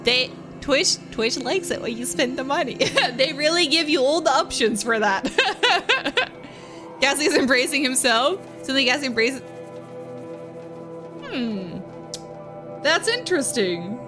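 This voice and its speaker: A woman's voice: high-pitched, big pitch swings, unhurried, long pauses. A woman streaming live and chatting casually with her viewers, giggling often and gushing thanks to them. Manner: giggly, laughs often between lines. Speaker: streamer reading chat. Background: music playing.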